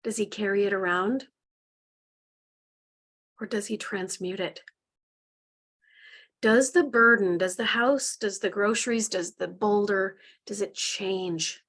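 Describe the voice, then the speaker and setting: A woman teaches a live spiritual healing class online, her voice mid-pitched and earnest. She guides listeners gently and lets feeling come through. The sound is that of a plain video call microphone. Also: takes it slowly, long pauses. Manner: earnest, gently guiding, emotional.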